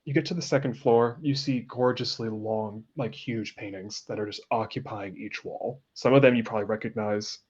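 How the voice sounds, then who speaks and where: A man's voice: lowish voice, fairly even intonation, moderate pace, few pauses, darkish tone, slightly rough. Game master guy describing scenes, chatty and amused, muffled lo-fi mic. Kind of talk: narrating a tabletop game. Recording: dull lo-fi sound.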